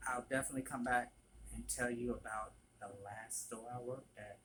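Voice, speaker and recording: A man's voice: mid-range voice, steady tone, normal speed, fairly bright tone, a little hiss or hum, poor audio. A man telling casual stories to camera in a chatty, gossipy way, with many ums. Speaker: vlogger, former barista.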